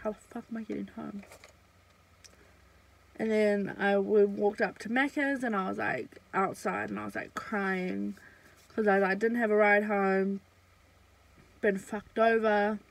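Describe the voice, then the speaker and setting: A woman's voice: medium pitch, steady tone, a little slow, vocal fry, rough recording. Chatty young woman telling a story. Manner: chatty, full of fillers and swearing. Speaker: vlogger. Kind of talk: casual storytime chat.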